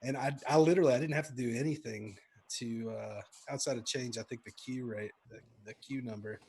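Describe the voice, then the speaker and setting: A man's voice: medium pitch, a little fast, vocal fry, darkish tone, slightly rough. A man hosting a casual podcast, upbeat and slangy, calling people bro and swearing freely. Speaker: podcast host. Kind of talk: casual chat.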